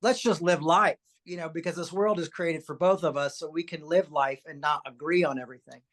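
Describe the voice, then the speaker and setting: A podcast host telling personal stories in an animated, anecdotal way, often repeating words. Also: mid-range voice, brisk. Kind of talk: podcast conversation, personal storytelling.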